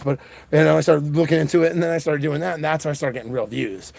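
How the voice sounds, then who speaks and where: An independent political livestreamer, a worn-out man around forty, rattles through a rambling monologue at an outdoor punk festival. His voice is low-edged and gravelly, and he speaks fast and scattered, jumping between thoughts, restarting sentences and piling on fillers.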